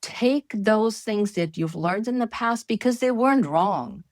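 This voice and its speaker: A woman's voice: medium pitch, lively intonation, unhurried, no echo. A woman fitness expert as an interview guest, speaking in an earnest, encouraging, coach-like way. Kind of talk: conversational interview.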